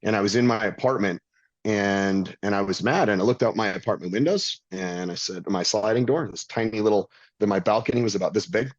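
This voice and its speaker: Fifty-ish guy, blunt and swears a lot, kinda husky, dry dull sound. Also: on the low side, fairly quick, dry recording. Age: 50s. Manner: blunt and profane, emphatic. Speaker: guest. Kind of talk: casual storytelling.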